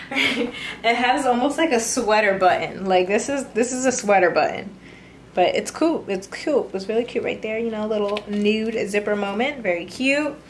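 A woman's voice: on the high side, moderate pace. A young adult woman chatting playfully through a clothing try-on haul, with sassy slangy asides. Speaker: fashion vlogger. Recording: roomy, mic far off, faint noise.

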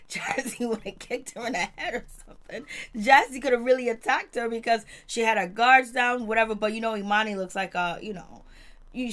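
A TV show reviewer, this woman speaks in a medium-pitched, fairly bright voice while casually recapping a reality TV episode. Her talk is slangy, and she performs the quotes in character as she retells each scene.

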